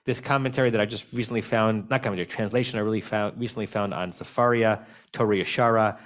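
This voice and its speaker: A man teaching a text-study class as rabbi, talking conversationally and telling stories with an animated, laughing delivery over a video call. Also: lowish voice, fast talker. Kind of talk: lively text study discussion.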